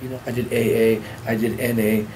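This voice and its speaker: A middle-aged man speaks in a mid-range voice, sharing his own story as personal testimony. He talks in a halting, earnest way, stumbling over words and starting sentences again. A faint hiss sits under the voice. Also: medium pitch, flat delivery, a little mellow, poor audio. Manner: halting, repeats words and restarts.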